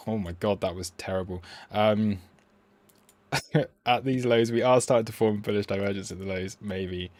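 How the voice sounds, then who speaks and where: A man's voice: on the low side, moderate pace, darkish tone, no echo. A man hosting a live trading stream, chatting casually with frequent fillers and self-mocking asides.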